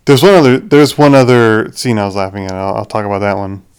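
A man's voice: lowish voice, fast talker, a little mellow, smooth. A young man hosting a podcast, rambling through a casual movie review with frequent restarts. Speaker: podcast host.

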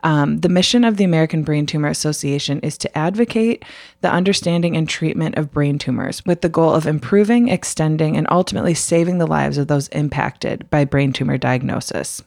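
A woman's voice: sits low, fairly quick, gravelly, darkish tone, no room sound, studio quality. A woman hosting a podcast, upbeat with many fillers, chatting and then telling a story. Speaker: podcast host. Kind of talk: casual chat and storytelling.

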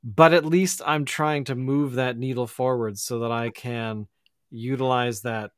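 A man's voice: mid-range voice, steady tone, a little slow, no echo, studio quality. A man hosting a podcast, talking in a rambling, reflective way full of fillers. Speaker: podcast host. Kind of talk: casual chat.

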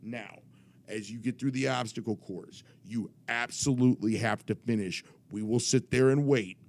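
A man voicing a stern male league commissioner who repeats his rules flatly and insistently. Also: mid-range voice, moderate pace, natural voice. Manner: flat, insistent repetition of rules.

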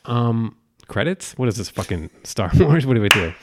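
A man in his thirties co-hosting a casual chat, profane and animated as he tells stories. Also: mid-range voice, normal speed, very noisy.

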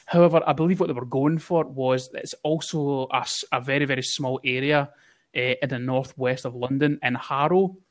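A man co-hosts a casual podcast chat in a steady, medium-pitched voice at a moderate pace. He swears freely and laughs at his own jokes.

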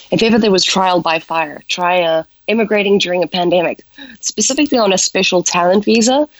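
A woman's voice: fairly low pitch, no echo, poor audio. A South African woman with an accent mixed with American, chatting as an interview guest and telling stories with self-mocking humor. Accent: South African with some American. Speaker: guest actress. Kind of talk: casual interview chat.

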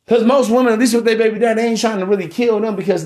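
A podcast host talking alone to his listeners, lecturing them in blunt, cuss-filled street slang. His voice sits high for a man, and he preaches more than he chats. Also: steady tone, rapid-fire, hardly any pauses, a little mellow. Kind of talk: solo podcast monologue.

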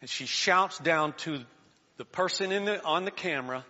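Male pastor, high voice; sermon delivery with shouted calls and soft asides; dull, echoing church hall sound. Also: moderate pace. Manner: preaching with call-and-response, swinging from shouts to quiet asides.

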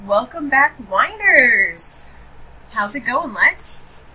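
Bright, playful woman podcast host. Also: sits high, big pitch swings, faint music behind, poor audio. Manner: playful, teasing, drawn-out emphasis. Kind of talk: casual podcast chat.

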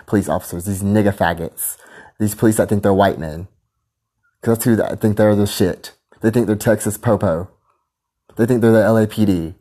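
A man's voice: on the low side, warm tone. A man ranting angrily and crudely, piling up combative insults. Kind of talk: angry profane rant.

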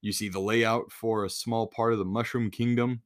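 A man's voice: on the low side, fairly even intonation, moderate pace. Profane, blunt male podcast host. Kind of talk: casual solo rant.

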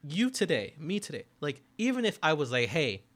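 A man talking in a casual podcast chat, emphatic and animated, who keeps checking in with "right?". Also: fairly high pitch, brisk. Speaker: podcast host.

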